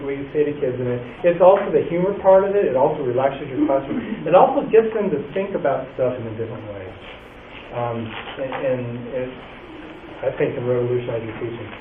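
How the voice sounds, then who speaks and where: A man, a music teacher, giving an animated workshop talk, acting out quotes and laughing often. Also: mid-range voice. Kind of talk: conference talk. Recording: echoey, distant, phone-like, faint noise.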